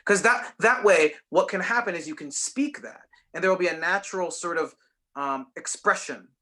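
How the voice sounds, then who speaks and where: A man's voice: sits high, normal speed, sharp tone. A man teaching a voice lesson, patiently explaining and demonstrating lines by speaking and singing them.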